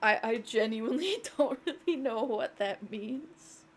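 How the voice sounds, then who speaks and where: Giggly high-voiced woman streamer. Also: lively intonation, unhurried, a little hiss or hum. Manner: giggly, rambling, swears casually. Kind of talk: casual chat over gameplay.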